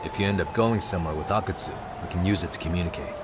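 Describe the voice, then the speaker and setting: An actor playing a steady male detective who speaks calmly and reassuringly. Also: sits low, racing, background noise, lightly acted. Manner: calm, reassuring.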